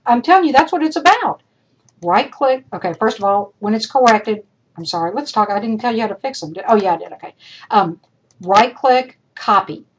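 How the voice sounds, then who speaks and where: A woman instructor gives recorded feedback to her class over a computer mic, in a voice pitched a little high. She speaks directly and chattily, repeating each point to drive it home. Her voice is starting to go hoarse. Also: animated, fairly quick, low-quality recording. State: voice going hoarse. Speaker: college instructor. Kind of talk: recorded lecture feedback over screen demo.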